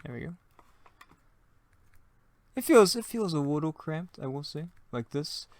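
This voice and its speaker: A man's voice: a little high, lively intonation, measured pace, no echo. A young man hosting his own gaming channel, chatting casually and thinking aloud as he plays, with self-mocking jokes and plenty of rambling asides. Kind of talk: casual let's-play commentary.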